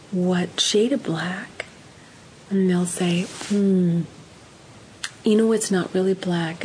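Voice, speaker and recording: A woman's voice: on the low side, slight background noise, low-quality recording. A woman giving parenting advice in an earnest, emphatic way, acting out example conversations. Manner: warm, earnest, emphatic, acts out example dialogues. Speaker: parenting counselor guest.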